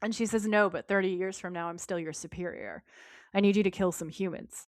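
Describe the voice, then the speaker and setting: A woman co-hosting a podcast, retelling a TV episode with lively quoted lines in casual chat. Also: mid-range voice, brisk, no echo, clean studio sound. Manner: lively retelling, quoting characters in her own voice. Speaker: podcast co-host.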